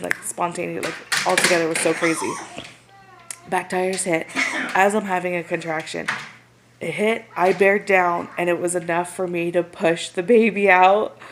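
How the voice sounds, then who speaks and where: A young woman, casually retelling a story and acting out what others said in lively voices. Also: lowish voice, vocal fry. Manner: animated, acts out quotes of others. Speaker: new mother. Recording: noisy home recording.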